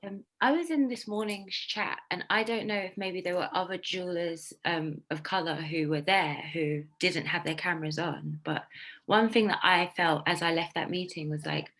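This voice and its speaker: Low-voiced, earnest woman on a call. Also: moderate pace, a bit bright. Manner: earnest and heartfelt, with many "like"s. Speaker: attendee, new jewellery maker. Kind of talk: casual video-call chat. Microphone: video call.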